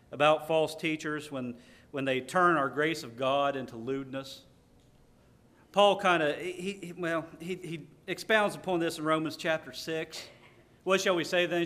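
A man's voice: a little high, fairly bright tone. A man preaching a sermon, stressing key words and reading scripture aloud.

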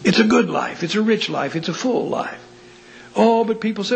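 A man delivering a sermon in a fairly high-pitched voice. He tells stories with dry humor. His voice swings up and down as he fires off rhetorical questions. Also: lively intonation, brisk, vocal fry, poor audio. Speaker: preacher.

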